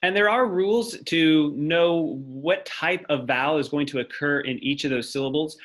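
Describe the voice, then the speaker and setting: A man's voice: a little high, moderate pace, a bit bright. A man giving a step-by-step lecture, thinking aloud as he writes on a board. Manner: explanatory, thinks aloud while writing on a board. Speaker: teacher. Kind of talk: classroom lecture.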